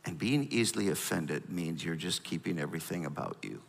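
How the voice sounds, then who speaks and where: A middle-aged man preaching a sermon, animated and storytelling, prompting the congregation. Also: sits low, brisk, vocal fry, long reverb tail. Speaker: pastor.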